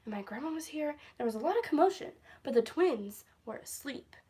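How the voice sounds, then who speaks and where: A woman's voice: high voice, expressive, brisk, warm tone. Rambling young woman vlogging on her phone. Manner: rambling and easily sidetracked, laughs often. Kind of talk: casual storytime vlog. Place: at home, indoors.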